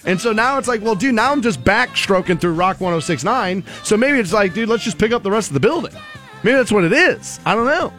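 A high-voiced man rambles through jokey stories as a radio morning host. Faint music sits quietly under his casual, loose banter. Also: expressive, brisk. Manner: joking, rambling storyteller.

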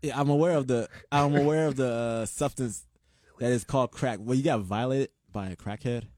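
A man's voice: medium pitch, normal speed, darkish tone, no room sound, clean studio sound. A man hosting a casual chat, prodding his guest with questions and laughing along. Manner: reacts and prods with questions, laughs a lot. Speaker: host.

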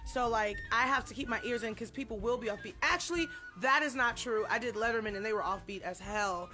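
A woman's voice: on the high side, a little fast, sharp tone. A woman being interviewed about her music, playful and teasing, laughing often. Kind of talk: casual interview banter.

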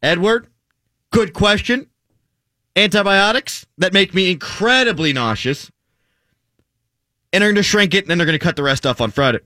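Bright-voiced sports radio host. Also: male voice, sits high, animated, no echo. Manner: teasing, quick back-and-forth with callers. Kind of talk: sports talk radio banter. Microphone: studio microphone.

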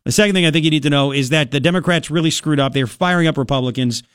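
A man in his forties hosting a talk radio show, joking with his co-host and telling animated stories between political commentary. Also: on the high side, racing, smooth, no echo, studio quality. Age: 40s. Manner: joking, teasing, animated storytelling. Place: radio studio. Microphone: studio mic.

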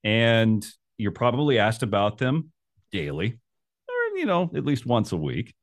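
A man's voice: medium pitch, huge pitch swings, a little slow. A man hosting a podcast, asking questions in an upbeat, chatty way. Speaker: podcast host. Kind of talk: casual podcast interview.

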